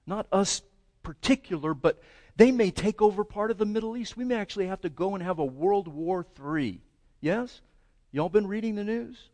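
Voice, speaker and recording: A man. His sermon is animated and conversational. He keeps tossing questions to the congregation and acts out the prayers he talks about. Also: high voice, normal speed. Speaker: pastor.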